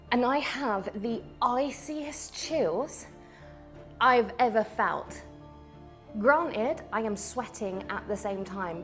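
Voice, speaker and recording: A woman vlogging a ghost hunt in an abandoned house, talking to spirits, jumpy and swinging from hushed to loud. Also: high-pitched. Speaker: paranormal vlogger. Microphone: small mic on the camera.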